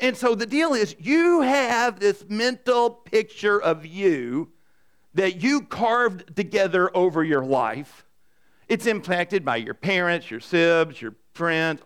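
A man preaching a sermon to a congregation in a conversational, animated way, often asking the room questions. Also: on the high side, smooth. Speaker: pastor. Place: church in front of a congregation.

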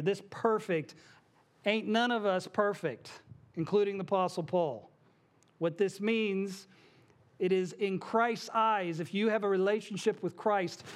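A man's voice: sits high, a little mellow. A male pastor preaching a sermon to his congregation in a church, conversational, with asides and small jokes. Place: church sanctuary.

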